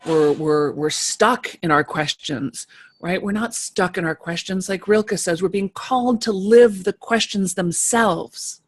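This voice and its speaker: A woman giving a live motivational talk to an online group of creative people, emphatic and animated, repeating key phrases. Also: on the low side.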